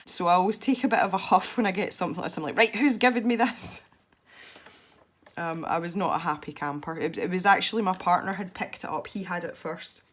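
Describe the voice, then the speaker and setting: A young woman with a congested, stuffy voice, chatting softly as she narrates her colouring. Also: fairly low pitch, fast, hardly any pauses. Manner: soft-spoken, chatty and self-deprecating. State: congested from a head cold. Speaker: colouring video host. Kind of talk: relaxed colouring commentary.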